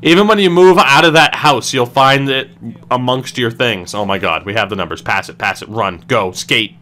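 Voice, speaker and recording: A man commentating his own hockey video game, swinging between low groans and excited shouts. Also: normal speed. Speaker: gaming streamer.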